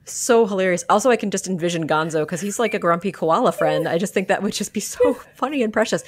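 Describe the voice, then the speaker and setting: A woman's voice: mid-range voice, expressive, quick pace, few pauses. A woman co-hosting a casual podcast chat, enthusiastic, often gasping and laughing as she reacts. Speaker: podcast co-host.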